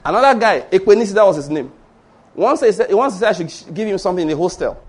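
A middle-aged Nigerian pastor with a Yoruba accent, preaching in an animated storytelling way and acting out conversations. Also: male voice, high voice, rapid-fire. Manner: animated storytelling, acts out dialogue, rhetorical questions. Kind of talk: sermon.

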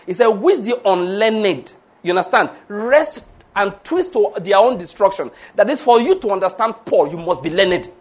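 A man's voice: sits high, expressive, moderate pace. A man preaching a sermon, laughing often and acting out the voices of the people he quotes.

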